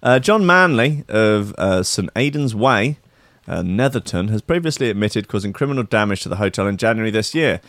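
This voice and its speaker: A man's voice: fairly low pitch, animated, a little fast, fairly bright tone, dry recording. A man co-hosting a casual comedy chat, reading news stories aloud and breaking off into joking asides.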